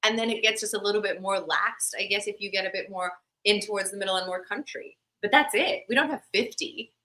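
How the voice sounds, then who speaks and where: Woman, Australian-born with American accent, bright clear tone, animated casual chat, many fillers. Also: mid-range voice, fairly quick, poor audio. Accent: American with Australian slipping in. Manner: animated, chatty, lots of fillers. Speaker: guest, actor and content creator.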